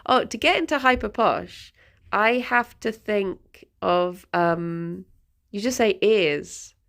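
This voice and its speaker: A woman's voice: medium pitch, slow pace, creaky, fairly bright tone. A young woman chatting casually on a livestream at home, giggling and talking to her pet rabbits. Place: at home, indoors.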